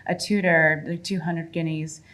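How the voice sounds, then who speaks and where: Woman author, lowish voice, animated, laughs easily, panel guest. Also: normal speed. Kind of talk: live panel Q&A.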